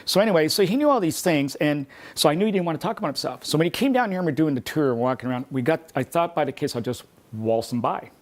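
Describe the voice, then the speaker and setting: Fast-talking man telling a collector's story. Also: fairly high pitch, expressive. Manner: rapid, rambling anecdotes with restarts. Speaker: memorabilia collector. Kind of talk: animated storytelling.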